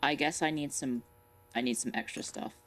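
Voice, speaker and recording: A young woman streams a puzzle game from her bedroom, chatting nervously with viewers and repeating herself whenever something spooks her. Her voice is extremely low-pitched and fairly bright, at normal speed with fairly even intonation. There's a little hiss or hum, plus faint music in the background.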